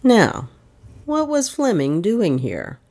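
A woman's voice: medium pitch, huge pitch swings, takes it slowly, a little mellow, voice pushed up. A woman voicing a hard, remorseless male police detective who questions people menacingly. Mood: stern.

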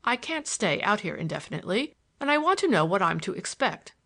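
A woman's voice: medium pitch, sing-song, fairly quick, sharp tone, full character voice. A woman reading an audiobook, voicing a stern, impatient male estate executor with a curt, indignant manner.

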